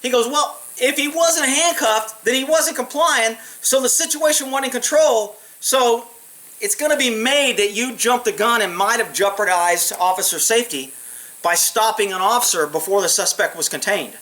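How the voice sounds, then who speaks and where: A man's voice: very high voice, normal speed, low-quality recording. A former police officer telling his own stories in a casual monologue. He is blunt and profane, and he acts out the voices of the people in his stories. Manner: blunt, profane, animated retelling with acted quotes.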